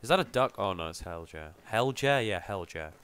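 A man's voice: fairly low pitch, expressive, moderate pace, fairly bright tone, smooth. A young man commenting playfully on a game he plays, joking and exclaiming to himself. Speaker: gamer. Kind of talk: let's play commentary. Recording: game music behind the voice.

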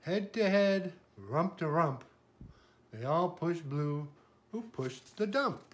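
An older man, a grandfather, reading a picture book aloud in a gentle way and pausing to point out the pictures. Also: fairly high pitch, expressive.

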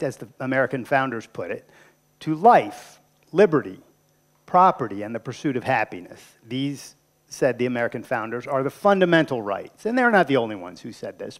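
A man giving a public lecture in a conversational, emphatic way, often asking his listeners rhetorical questions. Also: medium pitch. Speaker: guest lecturer. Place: university lecture room.

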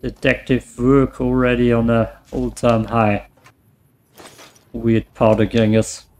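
A man casually commenting on his own gameplay, muttering to himself and swearing often, his voice getting hoarse. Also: mid-range voice, level tone, takes it slowly, a little mellow, soft background music. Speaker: let's play gamer.

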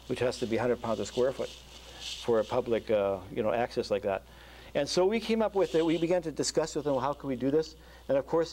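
A man, a structural engineer, giving a university lecture over slides, talking in a halting way with many fillers and restarts. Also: mid-range voice, dark tone, a little hiss or hum. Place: lecture hall.

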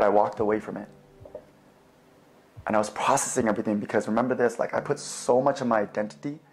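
A young man telling his faith testimony in a relaxed, conversational way, with fillers and replayed conversations. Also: lowish voice. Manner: animated, acts out both sides of remembered conversations. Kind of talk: personal storytelling.

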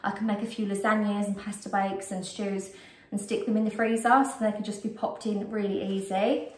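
A woman's voice: mid-range voice, level tone, fairly quick, a little hiss or hum. A British woman vlogging a casual shopping haul at home, chatty and rambling with frequent ums, a bit out of breath. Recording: roomy echo, distant mic.

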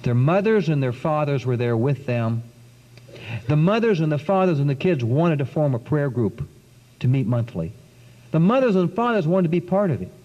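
A middle-aged man giving a religious testimony talk, telling his story with lively acted-out quotes. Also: on the high side. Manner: animated storyteller, acts out quotes. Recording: dull 1990s recording in a reverberant hall.

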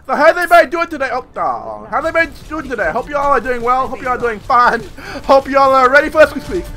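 A man giving excitable live gameplay commentary, playful and repetitive, swearing now and then. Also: very high-pitched, fast talker. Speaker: gaming video creator.

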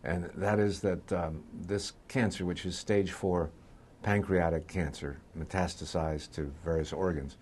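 An older man, a radio talk show host, speaking candidly in a news interview, with pauses and fillers. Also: deep voice, fairly even intonation, a little mellow, a little hiss or hum. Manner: candid, plainspoken, slow with pauses.

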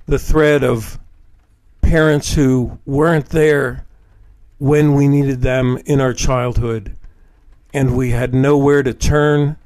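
A man hosting a podcast on addiction recovery, reading poems in a measured, solemn way and reflecting on them. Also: medium pitch, a little mellow. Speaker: podcast host and addiction counselor.

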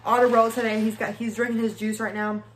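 A woman's voice: a little high, level tone, quick pace. A young woman hosting a casual mukbang vlog at home, chatty and hyping her channel, now and then tripping over her words. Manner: chatty, hypes subscribing, trips over words. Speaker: vlogger. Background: child in the background.

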